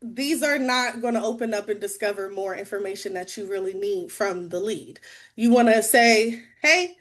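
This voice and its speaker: A woman's voice: medium pitch, normal speed. A woman guest speaker giving a bubbly, chatty sales-training talk over a video call.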